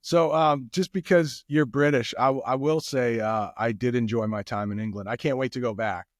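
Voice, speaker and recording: Relaxed American man, dry close sound. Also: mid-range voice, moderate pace, dry recording. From United States. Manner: relaxed, repeats phrases, easygoing. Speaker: guest English teacher. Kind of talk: casual podcast conversation.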